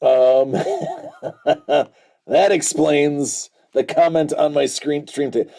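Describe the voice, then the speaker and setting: A man in his forties hosts a relaxed livestream, reading out chat comments and riffing on them with dry jokes. His voice sits a little on the high side. He talks at a slow, easygoing pace. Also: gravelly. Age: 40s. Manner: joking, reads chat comments aloud and riffs on them.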